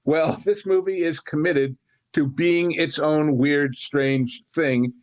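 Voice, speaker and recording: A man's voice: on the high side, steady tone, takes it slowly. A man co-hosting a podcast, chatting casually about films in long, rambling anecdotes full of asides. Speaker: podcast co-host. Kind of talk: casual film discussion.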